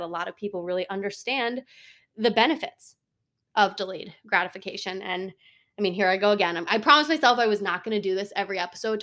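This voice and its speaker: A podcast host in her twenties records a solo episode with a mid-range, fairly bright voice. She's chatty and earnest, leaning heavily on fillers like "like" and "you know."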